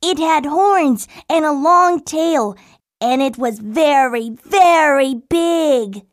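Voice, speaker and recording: A curious, headstrong older boy frog in a children's storybook, voiced by a woman. He speaks slowly in a high, playful voice and keeps insisting on one more adventure. The sound is close and dry. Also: no echo. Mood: earnest. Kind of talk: storybook acting.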